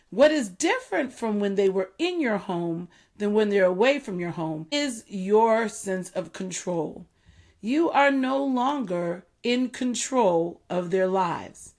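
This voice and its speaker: Slow, earnest middle-aged woman. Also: mid-range voice. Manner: earnest, measured, repeats key points slowly. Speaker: podcast host. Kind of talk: reflective solo talk.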